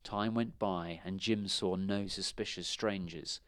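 A man reading a children's storybook aloud in a measured, expressive way. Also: low-pitched, smooth, no room sound, clean studio sound.

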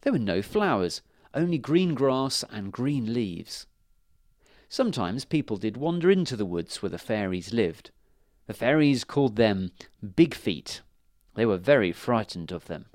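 Male storyteller for children's fairy tales, animated voice, dry close sound. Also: mid-range voice, a little slow, dry recording. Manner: lively, expressive storytelling.

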